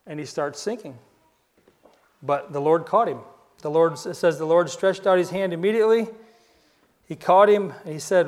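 A man with a high voice preaches a sermon in a loose, conversational storytelling way. He restarts phrases and repeats words, and he lowers his voice to a hush at the dramatic moments. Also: normal speed, pauses often.

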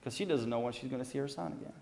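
His mid-range voice is creaky and a little mellow, and he speaks very fast. A young man from Ukraine, he tells his testimony earnestly and casually, restarting frequently and dramatizing the quoted dialogue.

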